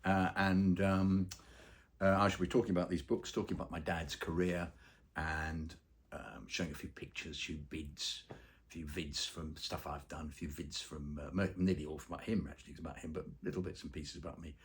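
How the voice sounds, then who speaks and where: A man with a very low, deep voice tells long anecdotes in a relaxed interview. He rambles with plenty of ums and uhs and slips into the voices of the people in his stories. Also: moderate pace. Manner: rambling storyteller with many fillers, acts out quoted voices. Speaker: actor and voice-over artist interviewed.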